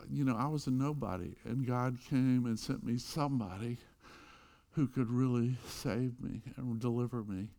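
A middle-aged man preaching a sermon, telling a story and swinging from loud emphasis to hushed quiet lines. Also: medium pitch. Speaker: pastor.

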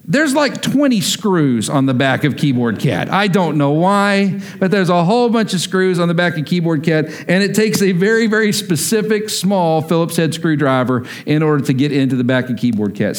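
A man from Texas preaching a sermon, telling a family story in a lively way and acting out the voices of the people in it. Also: on the high side. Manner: animated, acts out family members' voices. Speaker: pastor.

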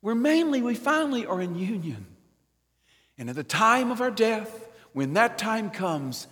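A man's voice: high-pitched, a little slow. Older man preaching in a reverberant church. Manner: expressive, swings from loud emphasis to near whisper. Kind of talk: sermon. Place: church nave.

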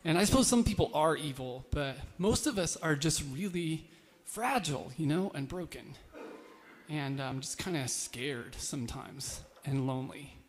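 A man's voice: fairly high pitch, expressive, moderate pace, big-room sound, a little hiss or hum. A man preaching an informal, conversational sermon, with fillers and self-deprecating asides. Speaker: pastor.

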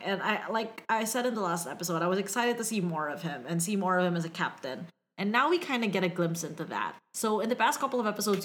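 A woman co-hosting a podcast, talking casually and enthusiastically with quick asides. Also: medium pitch, a bit bright. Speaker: podcast co-host. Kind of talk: casual chat.

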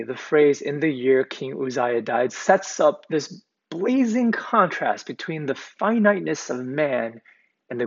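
A man preaching a sermon as pastor, deliberate and emphatic, repeating key words for weight. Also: fairly high pitch, creaky. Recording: dull, lo-fi recording.

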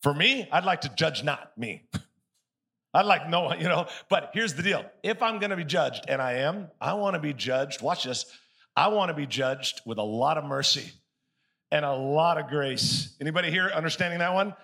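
A male pastor delivers a sermon in a high, gravelly voice with a bright edge. He tells stories by acting out every part of a conversation, then has the congregation call the words back to him. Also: normal speed. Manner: animated storytelling, acts out both sides of conversations; calls on the congregation to answer aloud.

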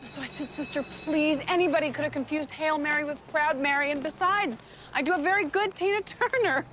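A brash teenage girl, high and cocky, firing off quick teasing comebacks in an old film scene. Street noise rumbles clearly behind her in the movie's sound. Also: fairly bright tone, low-quality recording. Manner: brash, teasing, fast retorts. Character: bold, sassy teenage girl egging on her friend.

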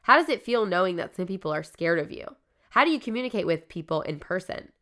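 A woman's voice: on the low side, big pitch swings, quick pace, a bit bright. A woman hosting a podcast, casually retelling a story in a loose, profane way, full of "like". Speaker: podcast host.

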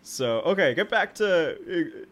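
A man's voice: fairly high pitch, lively intonation, a little slow, a bit bright. A man co-hosting a film podcast, chatting casually, laughing often and rambling with lots of "like". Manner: laughs often, loose and rambling with many likes. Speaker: podcast co-host.

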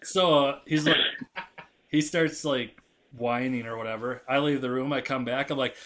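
A man's voice: mid-range voice, fairly even intonation, moderate pace, fairly bright tone. A man in his thirties, a podcast co-host, telling a rowdy story and acting out the dialogue, swearing freely. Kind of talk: casual storytelling.

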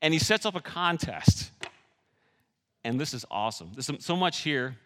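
Guy preaching, bright voice, a bit high, big echoey hall, gets loud then quiet, cracks jokes. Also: moderate pace, slight background noise. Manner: animated, swings between loud and hushed; jokes with the audience. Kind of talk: sermon.

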